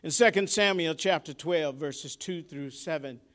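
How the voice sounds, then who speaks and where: A man delivers a sermon in a high, lifted voice. He talks like he is chatting with the congregation, repeats himself as he gathers his thoughts, and swings from hushed asides up to shouted climaxes. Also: unhurried. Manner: preaching with sharp swings between soft asides and shouted climaxes; conversational, repeats words and restarts. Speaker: preacher.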